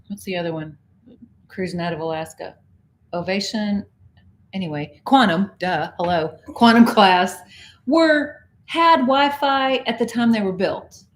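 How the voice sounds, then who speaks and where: A woman's voice: fairly high pitch, slight background noise. Chatty Texan woman hosting a livestream. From Texas. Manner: chatty, reads out viewer comments and greets them. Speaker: co-host of a cruise channel livestream. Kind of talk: casual livestream chat.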